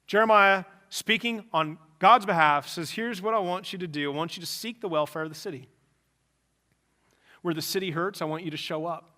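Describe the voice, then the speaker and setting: A man delivering a sermon at his church with a bright, forceful tone. His pitch sits a little high for a man. He keeps it lively and conversational, slipping into quick acted-out voices of imagined people. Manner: animated, acts out imagined people in quick asides. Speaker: pastor.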